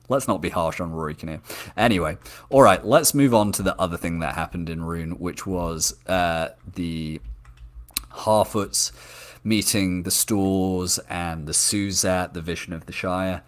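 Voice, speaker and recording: A man with a low voice speaks at a measured pace as he hosts a live discussion show. He chats enthusiastically and reads out viewer comments, often saying "um" and restarting his sentences.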